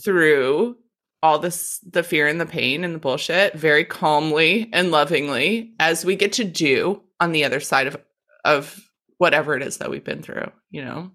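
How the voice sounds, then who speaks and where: Woman host, bright tense tone, animated and irreverent, casual swearing. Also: low voice, moderate pace. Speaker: podcast host. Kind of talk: candid recovery conversation.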